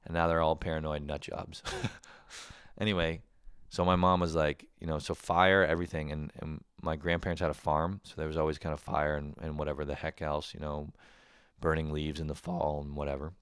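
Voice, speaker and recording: A Canadian man hosting his own show, talking in a casual comedic monologue, animated and swearing, laughing often. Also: very deep voice, brisk, clear, resonant tone, no echo, studio quality. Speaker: podcast host.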